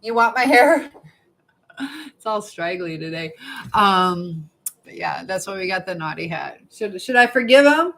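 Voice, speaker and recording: A woman's voice: medium pitch, animated, a little slow, gravelly, fairly bright tone, poor audio. A woman hosting a casual live stream from home, chatting and reading viewer comments aloud with frequent laughs.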